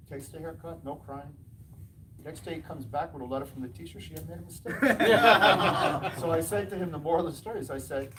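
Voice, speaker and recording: A man's voice: on the high side, brisk, distant mic, background noise. Man telling stories from afar. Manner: animated anecdotes, acting out quoted dialogue with laughs. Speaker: martial arts school owner and instructor. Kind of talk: storytelling talk to an audience.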